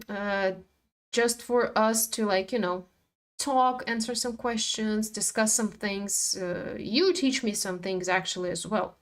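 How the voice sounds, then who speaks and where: Woman, live-stream host, casual chat, animated, salty language, mid-pitched voice. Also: measured pace. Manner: animated, swears freely, talks to her chart. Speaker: trading streamer.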